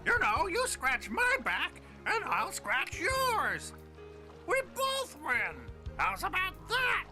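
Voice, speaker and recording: An actress voicing a clever little cartoon animal who strikes deals, sly and persuasive. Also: female voice, very high voice, huge pitch swings, slow pace, pushed and bright, soft background music, exaggerated voice. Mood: coaxing. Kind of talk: cartoon voice acting.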